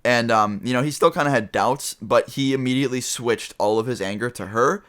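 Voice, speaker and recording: A man's voice: mid-range voice, fairly quick, a bit bright. A young man telling a casual storytime vlog, rambling with lots of fillers and swearing. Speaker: vlogger.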